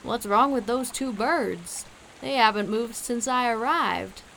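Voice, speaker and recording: A woman voicing a kindly male hunter who owns hunting dogs, speaking low and calm in a storybook reading. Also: unhurried, vocal fry, a little hiss or hum, low-quality recording. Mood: soothing. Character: gruff kindly male hunter, dog owner.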